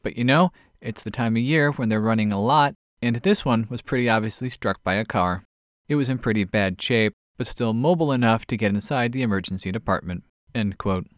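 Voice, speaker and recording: A man hosting an odd news podcast, reading short stories from a script and reading quotes aloud in a measured way. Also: lowish voice, no echo, studio quality. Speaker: podcast host.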